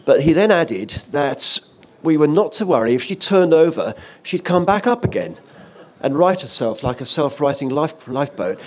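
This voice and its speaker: A man's voice: a little high, moderate pace. Older man telling a sea story. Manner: animated anecdotal, with laughs and restarts. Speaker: former offshore radio DJ, guest. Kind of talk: storytelling in a panel talk. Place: event stage or hall.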